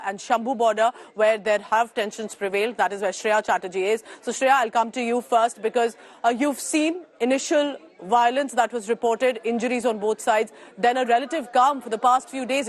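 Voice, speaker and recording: A woman news anchor, briskly bringing in reporters on a morning telecast. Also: a little high.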